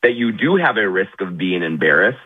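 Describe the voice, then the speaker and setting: A man's voice: sits low, sing-song, moderate pace, husky. A man calling in to a sports radio show, bantering in a mock-humble, sarcastic way. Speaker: phone-in guest. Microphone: phone. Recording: phone line.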